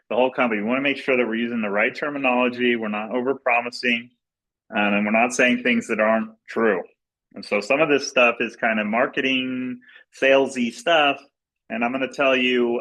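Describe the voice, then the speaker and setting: A man with a bright, forward voice talks a group through a training over slides. His delivery is informal and conversational, full of restarts and small fillers as he explains one point after another. He sits in the middle range for pitch. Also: rough recording. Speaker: company executive leading a sales training.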